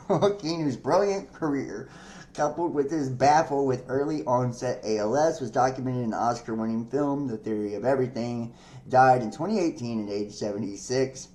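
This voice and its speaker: This man's voice is medium in pitch and a little mellow. Hosting his podcast in an echoey room, he reads news stories aloud, then drifts into crude, talkative commentary, laughing often.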